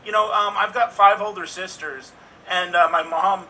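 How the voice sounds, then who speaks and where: A man's voice: sits high, fairly even intonation, moderate pace, bright, forceful tone, far from the mic, a little hiss or hum, low-quality recording. A man, an improv performer, telling a casual story while introducing himself over a video call. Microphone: video call mic.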